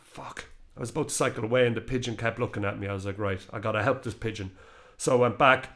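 A man in his thirties telling a story in casual chat, animated, swearing and laughing as he goes. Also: on the low side, fast talker. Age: 30s.

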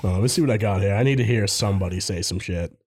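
A man's voice: on the low side, racing, darkish tone. A man co-hosting a casual podcast, tossing in dry jokes. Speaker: podcast co-host. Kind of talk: casual prank-call banter.

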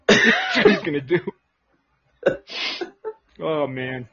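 A man's voice: fairly high pitch, huge pitch swings, slow pace, very noisy. A man co-hosting a comedy podcast, trading crude, profane jokes and laughing often. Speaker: podcast co-host. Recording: dull lo-fi audio.

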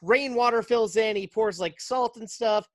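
A podcast host tells a film's story in a loose, animated way, now and then dropping into little voices for the characters. The voice sits at an ordinary pitch and is recorded close and dry, with almost no room sound. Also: normal speed, no echo. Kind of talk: casual movie recap.

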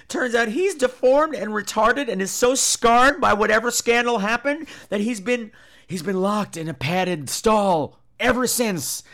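A man's voice: high-pitched, a bit bright. A man hosting a podcast, chatting casually about movies and theater in a campy, sarcastic and profane manner. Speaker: podcast host.

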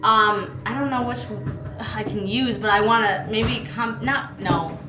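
A woman playing a tabletop game, eager and halting, restarting her sentences. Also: medium pitch. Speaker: player. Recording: echoey room with background noise.

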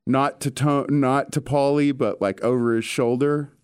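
A man hosting a casual chat, telling stories in an animated way with casual swearing. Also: medium pitch, normal speed, clean tone, no echo, clean studio sound.

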